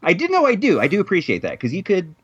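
Husky, animated man joking around. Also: high voice, fast talker, lo-fi sound. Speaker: podcast co-host. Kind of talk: casual chat.

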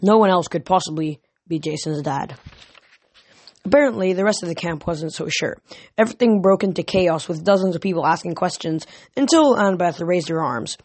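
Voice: medium pitch, brisk, darkish tone, dry recording. A reader narrates a novel aloud in a plain, unpolished way, now and then stumbling and correcting a word. The recording is dry and close. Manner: plain reading with small slips and self-corrections. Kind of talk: audiobook narration.

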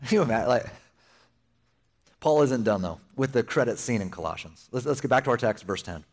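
A young man preaching a sermon as pastor, conversational and animated, slipping in playful asides. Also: mid-range voice, fairly quick.

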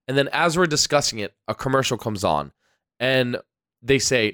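Man, podcast co-host, medium pitch, laid-back, dry close sound. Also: big pitch swings, moderate pace, fairly bright tone, clean tone, no echo. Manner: laid-back, rambling with fillers. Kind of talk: casual chat. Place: small home studio.

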